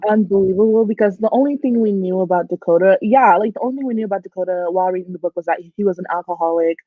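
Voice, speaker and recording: A young woman hosting a casual book discussion livestream, chatty and animated, full of "like" fillers. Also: mid-range voice, very fast, dry recording. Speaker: book channel host. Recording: dry, tinny phone-like audio.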